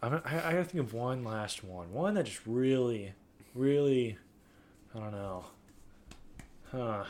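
A man's voice: mid-range voice, expressive, measured pace, pauses often, a little mellow. A young man hosting a casual podcast chat, joking and laughing often. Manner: joking, laughs often, playful sing-song riffs. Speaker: podcast host.

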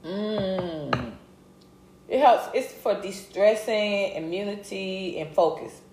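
A middle-aged woman hosting a livestream, chatting casually and greeting viewers by name with a lively, laughing manner. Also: medium pitch, takes it slowly, noisy background. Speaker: livestream host. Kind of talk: casual live chat reading comments. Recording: roomy echo.

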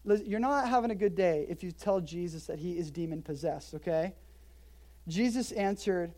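A woman's voice: fairly low pitch, a little fast. A woman preaching an expository sermon in a church, talking conversationally and emphatically, with joking asides. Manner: emphatic, lively delivery. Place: church in Hawaii.

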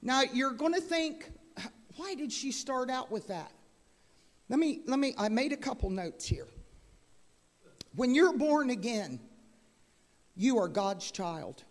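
A woman preaching a sermon as guest speaker into a handheld microphone, moving between chatty asides and fervent, loud preaching. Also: high-pitched, big pitch swings, slow, pauses often. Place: church sanctuary. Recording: long hall reverb in a church.

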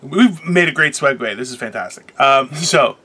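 A man co-hosting a casual podcast over a video call, talking in profane, opinionated, animated rants. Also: mid-range voice, moderate pace, slightly rough. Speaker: podcast co-host. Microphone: remote video call.

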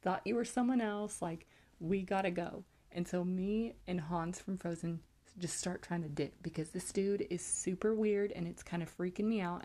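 A young woman from California hosts a podcast, telling a creepy story in a loose, casual way. Her voice sits slightly low for a woman. She rambles and fills her sentences with likes and ums. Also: dark tone. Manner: rambling, heavy use of like and um. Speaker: podcast host.

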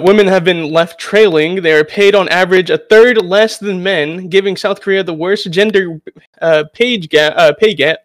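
Man, high voice, dry close sound, stumbling sarcastic article reading, podcast chat. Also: no room sound. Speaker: podcast co-host. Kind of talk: reading an article aloud, then casual chat.

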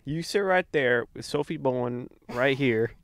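A man's voice: unhurried, dry recording. A young man co-hosting a podcast, rambling through a long story in casual chat. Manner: rambling storyteller, lively swings in pitch. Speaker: podcast co-host.

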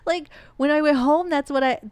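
A woman's voice: sits high, steady tone, moderate pace, darkish tone. A woman in her thirties with a light Midwest American accent, telling stories in casual podcast chat and laughing often. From Michigan. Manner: chatty, laughs often, repeats words with 'like'. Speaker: podcast co-host.

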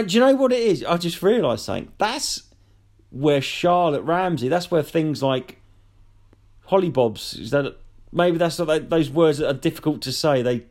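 A man co-hosting a podcast, talking in a joking, animated way with plenty of swearing. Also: mid-range voice. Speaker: podcast co-host. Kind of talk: casual chat.

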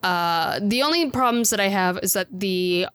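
A woman's voice: mid-range voice, animated, moderate pace, a bit bright, clean tone, dry recording. Woman podcast host chatting away, laughs a lot, lots of ums, dry close sound. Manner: enthusiastic, chatty, laughs often, many fillers. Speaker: podcast host reviewing anime. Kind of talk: casual chat.

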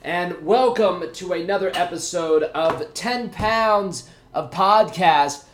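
A young man hosting a casual podcast to camera, energetic and jokey as he chats with his viewers. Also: high-pitched, takes it slowly, a little hiss or hum. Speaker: podcast host. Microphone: camera mic.

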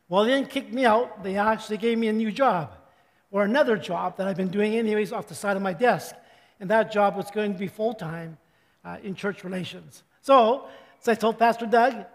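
An older man giving a chatty, joking sermon as a pastor, his voice slightly hoarse and often interrupted by throat clearing. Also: sits high, in a large hall.

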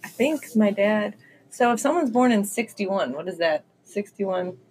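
A woman's voice: mid-range voice, lively intonation, a little slow, darkish tone, a little hiss or hum, poor audio. A woman co-hosting a casual chat, with short quips and frequent laughter. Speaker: co-host.

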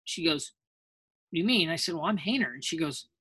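A man's voice: a little high, animated, fairly quick, bright, forceful tone, slightly rough. A man, a voice actor guest in a casual interview, telling rambling anecdotes and acting out quoted voices along the way.

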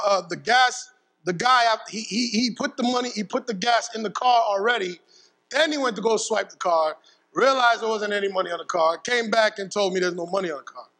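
Male preacher, high-pitched, animated storyteller at the pulpit, casual and slangy. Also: in a large hall, poor audio. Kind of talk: sermon with a personal story. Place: church pulpit.

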